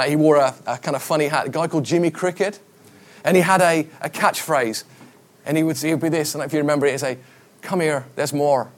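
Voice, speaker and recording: A middle-aged man, a pastor, preaching a conversational sermon, with stories and quoted voices. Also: a little high.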